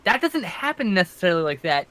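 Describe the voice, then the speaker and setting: A man's voice: high voice, big pitch swings, fast talker, sharp tone, smooth. A man co-hosting a casual geek chat show, opinionated and swearing freely as he riffs. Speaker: co-host.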